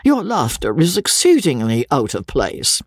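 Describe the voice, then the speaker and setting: A priggish young gentleman, voiced by a man lectures primly, slow and a bit hesitant. His tone is husky and lively in pitch, close and dry. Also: dry recording, heavily acted.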